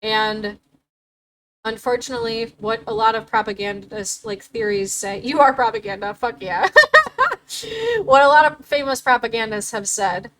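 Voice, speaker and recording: A woman's voice: on the high side, animated, normal speed, crowd noise, poor audio. A young adult woman hosting a livestream, talking casually and animatedly, swearing and laughing often. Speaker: livestream host.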